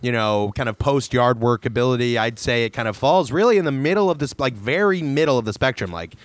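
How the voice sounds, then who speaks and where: A man's voice: medium pitch, animated, a little fast, dry recording. A man co-hosting a podcast, laughing often and riffing in long, meandering jokes. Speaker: podcast co-host. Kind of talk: casual comedic chat.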